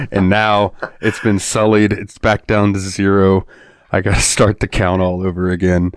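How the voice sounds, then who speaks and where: Low-voiced man telling a rambling story. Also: monotone, measured pace, clean tone, dry recording, studio quality. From Florida. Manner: rambling, laughing, swearing freely. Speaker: podcast co-host. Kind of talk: casual storytelling chat.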